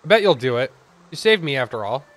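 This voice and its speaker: A man voicing a gentle, grateful female lily flower in a sweet, raised voice while reading game dialogue. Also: medium pitch, sing-song, quick pace.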